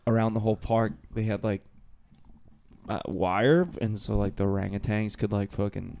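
A man's voice: lowish voice, little pitch movement, normal speed, gravelly, darkish tone, slight background noise. A young man on a casual podcast, telling rambling stories and swearing casually. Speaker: podcast co-host. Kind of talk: casual chat.

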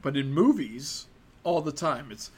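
A man's voice: fairly high pitch, big pitch swings, measured pace, breathy edge. Sarcastic, profane American man ranting. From United States. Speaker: commentator. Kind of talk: opinionated casual commentary.

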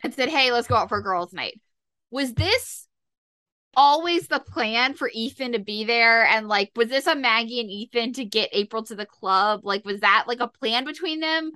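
Bright, lively young-sounding woman gushing. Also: on the high side, moderate pace, no room sound. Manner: gushing, excitable. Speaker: podcast co-host. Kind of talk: casual chat recapping a TV episode.

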